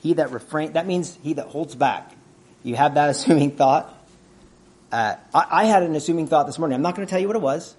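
A man preaching a conversational sermon in a slightly raised, husky voice. He teaches plainly, puts questions to his listeners and clears his throat now and then. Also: a little high, brisk, darkish tone.

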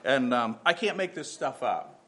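A man's voice: mid-range voice, very animated, measured pace, fairly bright tone. A man in his fifties, a pastor giving a sermon, moving from earnest personal storytelling to emphatic preaching with many restarts.

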